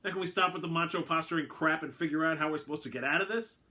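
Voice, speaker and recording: A man voicing a sarcastic, wisecracking human astronaut who speaks in quick, dry jabs. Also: a little high, sharp tone, voice pushed up.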